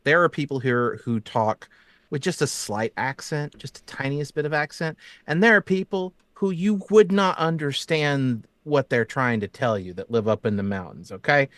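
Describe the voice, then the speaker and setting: A man's voice: medium pitch, normal speed, dry recording. Man with a faint Southern drawl. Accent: slight Southern US. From American South. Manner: animated storyteller, laughs often. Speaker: game master and show creator. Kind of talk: casual chat.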